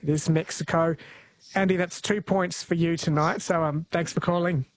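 A man's voice: on the high side, fairly even intonation, normal speed, a little hiss or hum. A man hosting a call-in radio quiz, friendly and chatty, laughing easily.

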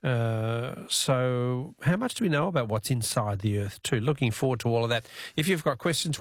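A man's voice: medium pitch, dry recording, studio quality. A man hosting a late-night radio show, chatty and rambling with frequent fillers. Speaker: radio host. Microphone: studio microphone.

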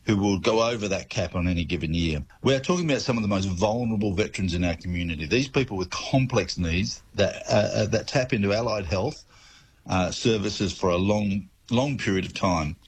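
A man speaking earnestly for veterans in a news clip, halting a little with fillers. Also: lowish voice, husky. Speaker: veterans' advocate.

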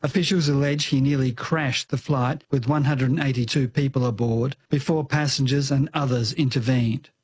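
Husky-voiced male news reporter. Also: medium pitch, moderate pace, few pauses. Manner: steady reporting tone.

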